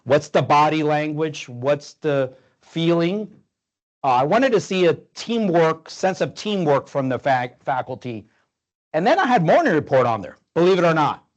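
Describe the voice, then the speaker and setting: Man in his fifties, higher-pitched, talky professor lecturing residents. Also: very animated, normal speed. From Tampa, Florida. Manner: conversational, asks rhetorical questions, fillers. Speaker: medical professor giving grand rounds.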